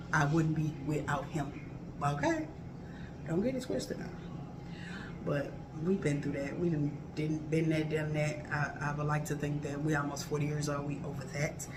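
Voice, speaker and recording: A woman's voice: low-pitched, background noise. A woman in her thirties chatting candidly and emphatically to her viewers in her kitchen, talking in a loose colloquial way and repeating herself for emphasis. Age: 30s. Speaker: vlogger. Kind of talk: casual chat to viewers while cooking. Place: home kitchen.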